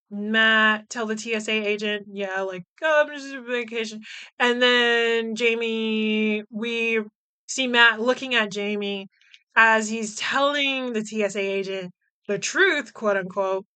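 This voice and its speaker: Bright, clear-voiced chatty woman podcaster. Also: fairly high pitch. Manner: chatty and animated, laughs often, many fillers. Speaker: podcast host. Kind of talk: casual podcast chat recapping a film.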